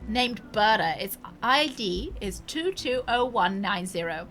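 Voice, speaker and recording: Woman reading as a calm male investigator for a game: plain, bright. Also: mid-range voice, measured pace, soft background music. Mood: matter-of-fact. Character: male detective agent, calm and matter-of-fact.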